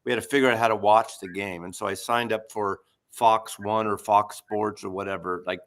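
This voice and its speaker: An older man guest telling brisk, blunt stories, swearing freely. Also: on the low side, steady tone, fairly bright tone. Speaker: guest, former radio regular. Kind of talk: casual storytelling.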